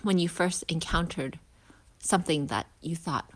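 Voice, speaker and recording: A woman with a notably low voice teaches a healing lesson while walking outdoors. She talks casually and reflectively, pausing often and restarting her sentences. Now and then she drops into a hushed aside.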